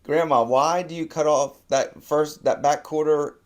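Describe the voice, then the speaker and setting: A man's voice: on the high side, steady tone, unhurried, pitched above the performer's own voice, lightly acted. A man voicing a curious young newlywed woman, in a lifted, questioning tone. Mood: puzzled.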